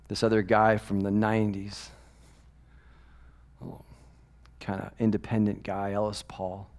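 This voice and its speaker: A male pastor preaching a sermon, swinging from loud, emphatic peaks to hushed whispers. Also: on the low side, steady tone, unhurried, pauses often.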